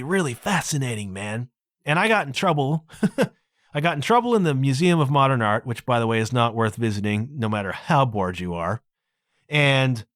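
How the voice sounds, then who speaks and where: Animated man podcasting, dry close sound. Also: a little high, no echo. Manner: animated, exclaiming storyteller with frequent "man" and "dude". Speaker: podcast host. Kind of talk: casual solo podcast monologue.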